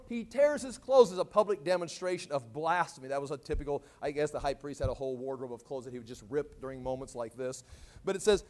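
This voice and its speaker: High-voiced man preaching with animated voice-acting. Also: rapid-fire. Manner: animated, acts out quoted lines with big swings in pitch and volume. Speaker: Bible teacher. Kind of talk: expository sermon.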